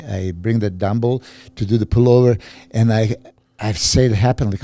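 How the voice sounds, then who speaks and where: A man co-hosting a casual podcast chat as a bodybuilding coach, talking haltingly with many restarts and fillers. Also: medium pitch, steady tone, warm tone, no echo.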